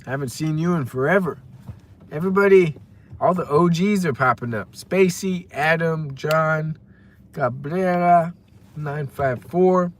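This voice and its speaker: Young male streamer, casual chat, slow and rambling, reads viewer names aloud. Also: a little high, a little hiss or hum. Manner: rambling, talks to viewers by name. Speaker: livestreamer reading chat.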